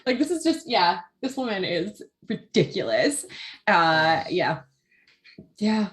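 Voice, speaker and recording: Laughing, animated woman telling stories. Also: mid-range voice, takes it slowly. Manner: animated storyteller, laughs often. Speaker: podcast guest. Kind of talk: casual chat.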